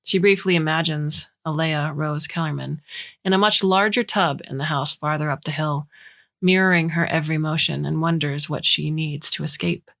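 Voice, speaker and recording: A woman narrating a short science fiction story in a measured, even reading. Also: deep voice, vocal fry.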